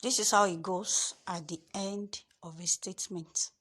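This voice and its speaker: A woman's voice: mid-range voice, steady tone, measured pace, a bit bright, husky. Woman tutor, screen-share lesson, repetitive, leans on key words.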